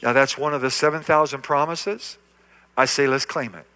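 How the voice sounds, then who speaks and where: A man's voice: medium pitch, fairly even intonation, moderate pace, sharp tone. An older man preaching a sermon as pastor in a church, emphatic and repetitive, calling out to the congregation. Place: church sanctuary.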